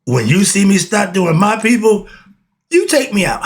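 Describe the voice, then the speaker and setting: A man's voice: high voice, very animated, a little slow. A man, giving a casual, blunt monologue, often laughing and asking and answering his own questions. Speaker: host of a philosophy talk channel.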